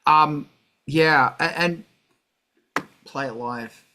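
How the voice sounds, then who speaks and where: A man's voice: fairly high pitch, extremely slow, background noise. A middle-aged man hosting a music livestream, talking casually and ranting with heavy swearing.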